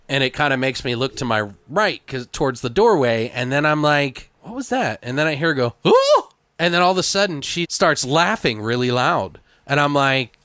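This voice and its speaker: A man's voice: mid-range voice, a bit bright, no echo. A man hosting a podcast, telling a long story in casual chat, rambling and swearing freely. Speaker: podcast host.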